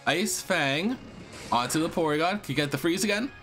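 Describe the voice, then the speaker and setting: A man hosting a video game let's play, excitable and slangy, cursing and talking to his viewers. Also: a little high, normal speed, soft background music. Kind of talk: casual gameplay commentary.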